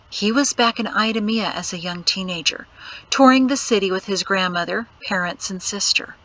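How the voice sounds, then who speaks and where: A woman narrating an audiobook in a measured, expressive storytelling read. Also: medium pitch, low-quality recording. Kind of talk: scripted narration.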